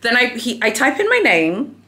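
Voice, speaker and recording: A young adult woman telling a shopping story in a casual vlog, chatty and animated, calling viewers "honey", recorded in a hotel room without an external mic. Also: fairly high pitch, moderate pace. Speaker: luxury shopping vlogger.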